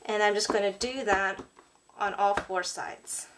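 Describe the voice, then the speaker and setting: A woman talks through a stamping and card-making demo in a relaxed, chatty way, filling pauses with ums and apologizing as she works. Her voice sits at a middling pitch. A faint background hiss runs under the recording. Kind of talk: casual crafting tutorial narration.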